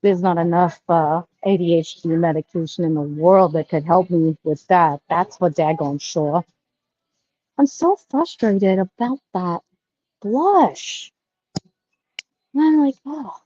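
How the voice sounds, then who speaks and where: Slow, low-voiced chatty woman vlogger. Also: mellow, no room sound, dull audio. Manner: chatty, rambling, folksy. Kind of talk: casual shopping vlog. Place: store.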